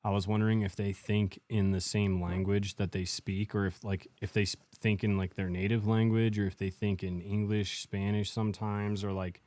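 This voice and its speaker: Very deep-voiced laid-back man. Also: little pitch movement, normal speed, hardly any pauses, a little mellow. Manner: laid-back, joking, slangy. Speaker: podcast co-host. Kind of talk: casual chat.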